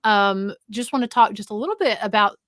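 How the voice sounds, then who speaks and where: A woman's voice: medium pitch, fairly quick, fairly bright tone, no room sound, clean studio sound. A woman co-hosting a live podcast, chatting casually with many fillers and easy laughs. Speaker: podcast co-host.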